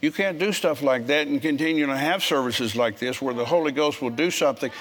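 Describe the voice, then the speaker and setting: A man's voice: a little high, a little fast. Blunt preacher in his seventies. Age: 70s. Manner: blunt, storytelling, forceful when scolding. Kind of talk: sermon. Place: church service with congregation.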